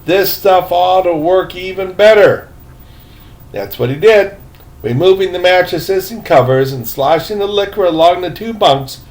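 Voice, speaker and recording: Older man, storyteller, unhurried reading, high voice, animated delivery. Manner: unhurried, breaks off to chat about his drink. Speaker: reader. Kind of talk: reading a novel aloud.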